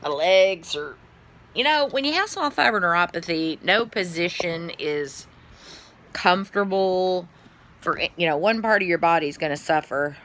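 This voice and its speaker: A middle-aged woman with a drawl, talking straight to her phone camera. She sounds tired and keeps yawning, and she rambles and swears a little. Her voice is bright and her pitch rises and falls a lot. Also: animated, a little slow. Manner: chatty, rambling, swears and sighs. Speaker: vlogger. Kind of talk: casual chat to camera.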